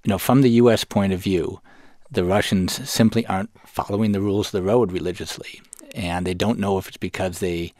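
A man's voice: low voice, steady tone, a little fast, darkish tone, no echo. A man, a newspaper reporter, explaining events in a radio interview and often correcting himself mid-sentence. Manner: explanatory, with frequent self-corrections.

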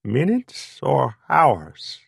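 A man's voice: mid-range voice, wildly swooping pitch, drawn-out words, gravelly, slightly rough, no room sound, studio quality, voice pushed up, full character voice. A man voicing a knowing, pushy male Greek waiter with a heavy Greek accent, who talks in clipped, broken phrases. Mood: teasing.

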